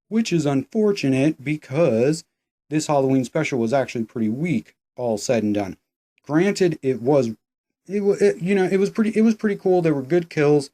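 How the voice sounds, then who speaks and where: Sarcastic man with a mellow voice. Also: on the high side, animated, normal speed. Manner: sarcastic, profane, dismissive. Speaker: show recapper. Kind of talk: casual recap commentary.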